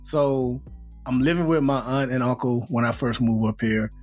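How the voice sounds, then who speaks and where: A man, co-hosting a podcast and telling a story in a casual, animated way, laughing and acting out his friends' voices. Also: medium pitch, moderate pace, soft background music. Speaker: podcast co-host.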